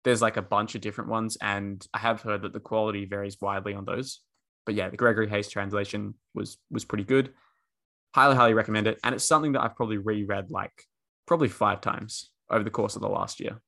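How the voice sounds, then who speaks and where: A man's voice: on the low side, steady tone, fast, creaky, bright, forceful tone. A man co-hosting a podcast, chatting casually with many fillers and restarts. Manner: rambling, many ums and restarts. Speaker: podcast co-host. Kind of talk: casual chat.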